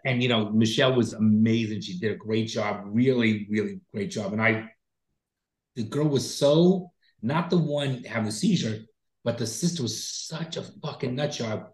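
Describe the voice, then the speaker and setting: A man's voice: on the low side, moderate pace, darkish tone, reverberant, rough recording. A man co-hosting a podcast, telling a long story in a rambling, profane, casual way. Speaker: podcast co-host. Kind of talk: casual chat.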